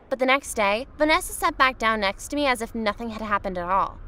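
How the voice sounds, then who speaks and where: Expressive high-voiced woman narrator. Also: a little fast, hardly any pauses, clear, resonant tone. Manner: expressive storytelling. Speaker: story narrator. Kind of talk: scripted narration. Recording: faint music underneath.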